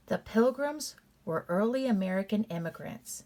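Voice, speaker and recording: A woman teacher giving a recorded reading lesson. She goes through patterns deliberately, step by step, repeats them, and calls her students "you guys". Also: mid-range voice, lively intonation, darkish tone.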